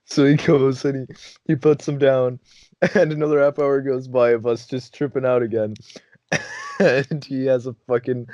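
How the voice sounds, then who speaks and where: Heard through flat, dry lo-fi audio without echo, a young male podcast host with a mid-range voice spins a casual story at normal speed. He's lively and laughs a lot, cursing frequently and imitating what his friends said.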